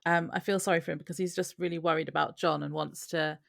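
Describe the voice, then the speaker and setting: A woman co-hosting a podcast in casual chat, recapping scenes slowly and laughing often. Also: deep voice, steady tone, gravelly, dry recording, studio quality. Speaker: podcast co-host.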